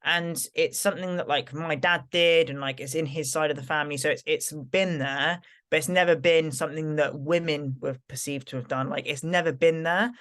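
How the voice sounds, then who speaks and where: A woman's voice: sits low, steady tone, normal speed, hardly any pauses, a bit bright. A woman in her thirties chats on a podcast. She rambles, restarts her sentences and leans on "like" as she tells her stories. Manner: chatty, rambling, full of "like" and restarts. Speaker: podcast co-host. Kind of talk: casual chat.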